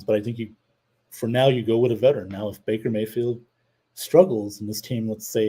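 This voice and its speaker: A man's voice: fairly low pitch, mellow, husky, rough recording. A man hosting a live show, chatting casually about his team and reading out viewer comments. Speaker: podcast host. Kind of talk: casual live-stream chat.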